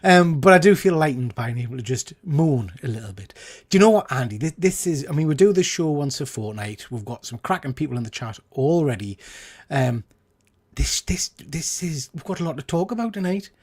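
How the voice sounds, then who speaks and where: A man's voice: on the high side, expressive, brisk. A man co-hosting a casual comics chat show, rambling and correcting himself as he talks. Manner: chatty, rambling, self-correcting. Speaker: podcast co-host.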